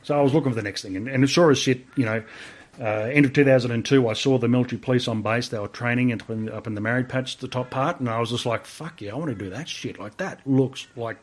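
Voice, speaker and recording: A man's voice: mid-range voice, fairly even intonation, fast. An Australian man in his forties, an army veteran being interviewed, telling stories casually, swearing freely and acting out remembered dialogue.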